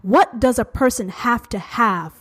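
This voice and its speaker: A woman's voice: on the high side, fairly bright tone, breathy edge. Brash, profane woman podcast host. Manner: blunt, swearing, confrontational; slows to drawn-out emphasis on key words. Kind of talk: profane motivational monologue.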